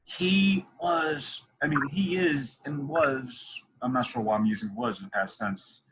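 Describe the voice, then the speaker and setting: A man's voice: medium pitch, slow pace, background noise. A young man hosting a podcast interview, talking in a rambling, casual way with many restarts. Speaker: podcast host.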